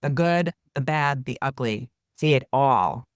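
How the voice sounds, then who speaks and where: A woman's voice: extremely low pitch, a little slow, dry recording, studio quality. A woman therapist speaking as a guest in an interview, explaining earnestly and often checking in with "right?". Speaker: therapist and author, podcast guest. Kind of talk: conversational interview.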